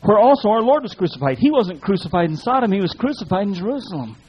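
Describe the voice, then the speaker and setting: A man's voice: high-pitched, very animated, quick pace, slight background noise. A man preaching a sermon in a fiery, folksy way, full of colloquial speech. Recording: dull lo-fi recording.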